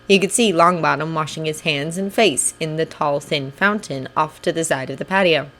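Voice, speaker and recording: A woman reading fanfiction aloud in a steady, even audiobook narration. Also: low voice, normal speed. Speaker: fanfiction reader.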